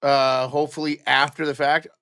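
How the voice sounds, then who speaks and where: A man's voice: on the high side, little pitch movement, normal speed, fairly bright tone, clear, resonant tone, dry recording, studio quality. A young man hosting a casual pre-game live stream, chatting and greeting viewers by name.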